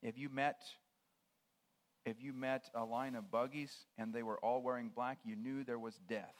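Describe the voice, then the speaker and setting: A man preaching a sermon, laying out word meanings in short, measured phrases and swinging from hushed near-whispers to loud proclamations. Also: medium pitch, little pitch movement.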